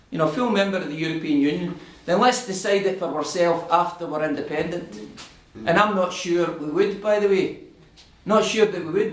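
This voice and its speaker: A middle-aged Scottish man speaking to an audience in a community hall, animated and argumentative as he answers their questions. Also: on the high side, slight background noise. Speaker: invited political speaker. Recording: echoey room.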